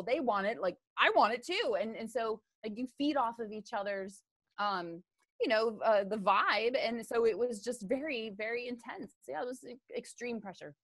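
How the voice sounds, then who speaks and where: A woman's voice: fairly high pitch, dry recording. A woman golfer being interviewed on a podcast, talking in a chatty way with lots of fillers. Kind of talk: casual interview talk.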